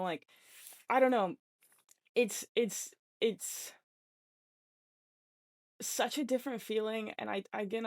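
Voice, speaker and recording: A woman's voice: medium pitch, darkish tone. Bubbly rambling young woman podcaster. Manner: bubbly and rambling, many fillers and restarts. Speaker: podcast host. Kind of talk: casual personal chat.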